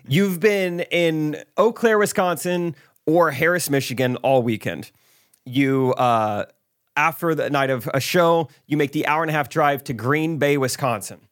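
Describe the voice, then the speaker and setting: A man's voice: a little high, a little slow, fairly bright tone, dry recording, clean studio sound. A man co-hosting a podcast, telling a story casually and laughing often. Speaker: podcast co-host. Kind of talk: casual chat.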